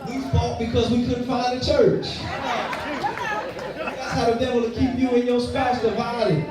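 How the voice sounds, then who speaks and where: A man's voice: very high voice, little pitch movement, a little slow, a crowd in the background. A man preaching a sermon as pastor, telling his own story with call-and-response fervor. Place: large church sanctuary. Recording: echoey church hall from far off with music.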